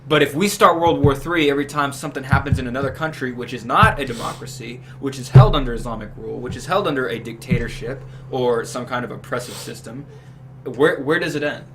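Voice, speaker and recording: A man's voice: mid-range voice, quick pace, fairly bright tone, a little hiss or hum, low-quality recording. A young adult man, a guest on a podcast, laying out his political views at length in an earnest, casual way. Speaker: podcast guest, new team member.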